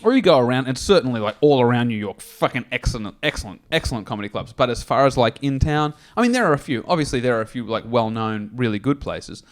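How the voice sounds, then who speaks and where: A man's voice: mid-range voice, animated, fast talker, hardly any pauses. A man, co-hosting a comedy podcast and telling rambling, profane stories in casual chat. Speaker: podcast co-host.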